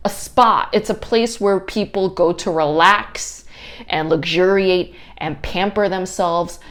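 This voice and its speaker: A woman's voice: lowish voice, slow. A young woman hosting a podcast, telling a story casually with lots of swearing and exasperated ranting. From New York area. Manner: profane, exasperated, animated ranting. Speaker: podcast host.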